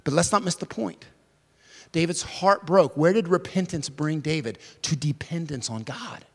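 A man preaching a sermon in a lively, casual way, with slang and sudden swings from loud to hushed. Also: on the high side, normal speed, creaky, breathy edge. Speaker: pastor. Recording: long reverb of a large hall.

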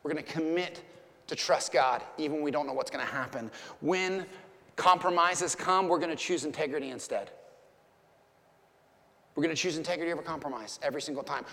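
A man, preaching a sermon as a pastor, swinging from loud impassioned peaks to hushed emphasis. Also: on the high side, fairly quick, gravelly. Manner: impassioned, rising to near-shouts and dropping to hushed emphasis. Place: church sanctuary. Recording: long church reverb.

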